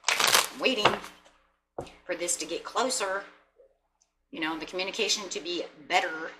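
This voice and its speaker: Chatty low-voiced tarot reader woman. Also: normal speed, bright, forceful tone, slight background noise, poor audio. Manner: chatty, rambling, acts out little quoted exchanges. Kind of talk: casual tarot reading.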